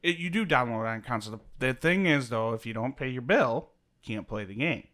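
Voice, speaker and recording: A man in a casual podcast chat with a middle-pitched voice that moves up and down a lot. He plays with jokes and keeps the riff going. The delivery is relaxed and expressive. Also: a little fast. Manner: playful, riffing on jokes. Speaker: podcast co-host.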